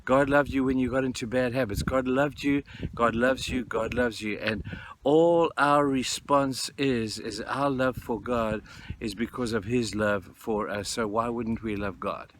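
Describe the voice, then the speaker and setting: A man delivers a sermon at an ordinary pitch, earnest and pleading, leaning on repetition to drive points home. A light background hiss sits beneath his voice. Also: steady tone, a little slow. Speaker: pastor.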